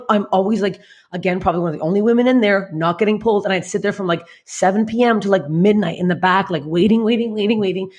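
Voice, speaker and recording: A woman's voice: medium pitch, quick pace, hardly any pauses, slightly rough. A woman comedian in her late thirties, telling candid stories as a podcast guest, blunt and swearing constantly. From Canada.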